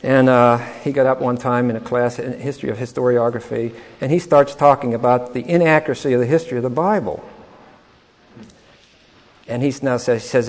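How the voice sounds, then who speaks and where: A man's voice: medium pitch, fairly quick, long reverb tail. An older man telling a personal story in a rambling, chuckling way, often repeating words. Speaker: speaker telling his life story. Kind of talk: anecdotal storytelling talk.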